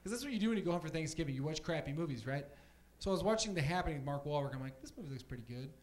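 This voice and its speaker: A man's voice: on the high side, lively intonation, very fast. A young man doing a stand-up set on a comedy club stage, rambling casually and full of fillers.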